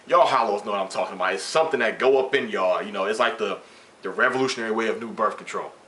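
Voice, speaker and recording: Bright-voiced man telling a wild story. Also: fairly low pitch, fast talker. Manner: animated, slangy, profane retelling with quoted dialogue. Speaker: vlogger. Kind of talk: casual storytelling to camera.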